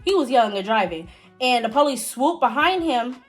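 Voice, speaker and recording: A woman's voice: moderate pace, soft background music. A young woman telling a story to her viewers in a casual, chatty way, talking right to them. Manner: chatty, talks straight to viewers; big pitch jumps in excited moments.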